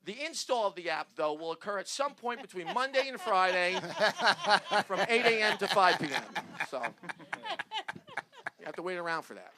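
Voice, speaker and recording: A man hosting a comedy show, reading news jokes to his panel in a rambling, halting way and laughing at his own punchlines. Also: sits high, lively intonation, a crowd in the background. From New Jersey.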